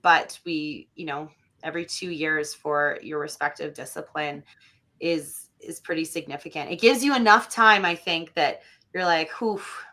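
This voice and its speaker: A woman from Alberta talks as a podcast guest in a loose, chatty way. Her voice is bright and a little low, full of fillers and lively acted-out quotes. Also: normal speed. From Alberta, Canada. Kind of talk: casual conversational interview.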